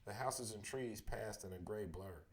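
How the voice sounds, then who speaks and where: A man's voice: on the low side, moderate pace. Man reading a bedtime story. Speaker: storybook reader.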